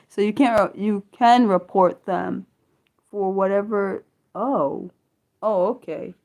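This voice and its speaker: A woman hosting a casual livestream from her phone, reading viewer comments aloud in a rambling, apologetic way with many fillers and restarts. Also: mid-range voice. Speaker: livestream host.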